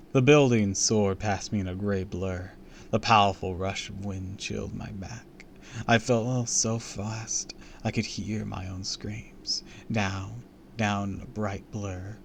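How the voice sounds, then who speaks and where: A man reading a spooky children's story aloud on a live stream, with an expressive, theatrical delivery. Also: fairly low pitch, vocal fry, a little hiss or hum.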